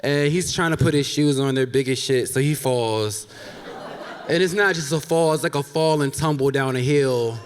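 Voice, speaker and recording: Animated male storyteller in a reverberant hall. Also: mid-range voice, moderate pace. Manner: animated, acts out each person's lines in shifting voices. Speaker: live storyteller. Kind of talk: comic personal story told on stage. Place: theater stage before a live audience. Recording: long hall reverb from a live stage.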